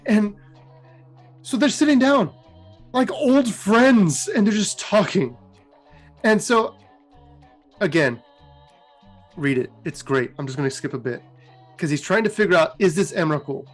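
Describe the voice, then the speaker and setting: Animated, chatty lore storyteller. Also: medium pitch, measured pace, pauses often, faint music behind. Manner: animated, chatty, laughs at own jokes. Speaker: lore show co-host. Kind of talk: casual storytelling retelling of game lore.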